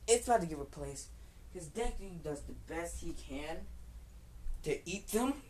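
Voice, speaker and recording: A woman with a notably deep voice tells an improvised fan story off the cuff. She rambles and restarts, swears freely, and bristles defiantly at anyone who dislikes her version. A faint hum sits under her voice. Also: lively intonation, a little slow, dark tone, rough recording. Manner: rambling, profane, frequent restarts; defiant outbursts at critics.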